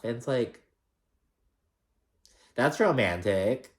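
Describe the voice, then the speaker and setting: A man's voice: mid-range voice, very animated, a little slow, pauses often. A man casually recapping a reality show, chatty, sassy and profane, with many filler words. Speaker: recap vlogger.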